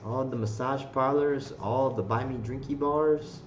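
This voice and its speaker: A man's voice: medium pitch, steady tone, a little slow, slight background noise. A man hosting a trading live stream, chatting casually in a rambling, profane way and laughing often. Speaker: trading livestream host. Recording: roomy, slightly dull stream audio.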